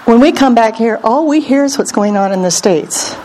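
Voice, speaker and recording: Woman preacher, fairly high voice, earnest small-group teaching, faint background noise. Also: expressive, moderate pace, a little mellow, poor audio. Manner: earnest, repeats phrases for emphasis.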